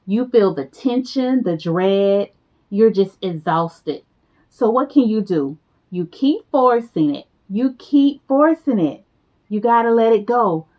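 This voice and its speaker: A woman giving a motivational talk to her viewers, casual and emphatic, repeating key phrases for weight. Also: mid-range voice. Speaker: motivational speaker. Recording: slightly dull lo-fi sound.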